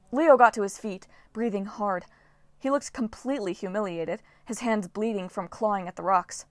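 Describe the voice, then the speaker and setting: A woman's voice: medium pitch, normal speed, no echo. Woman reading an audiobook, dry close sound. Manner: lively, dramatic reading. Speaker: audiobook narrator. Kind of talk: scripted narration.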